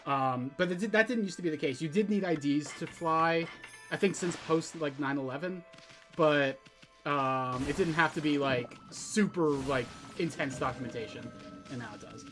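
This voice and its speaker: A man's voice: on the high side, normal speed, fairly bright tone, faint music behind. Teasing, rambling male game streamer. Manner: rambling, many "like" fillers, teasing. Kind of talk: casual co-op let's-play chat.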